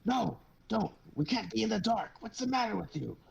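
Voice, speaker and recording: A man voicing a panicked, superstitious old male sailor, talking in a high frantic rush. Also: expressive, unhurried, gravelly, heavily acted.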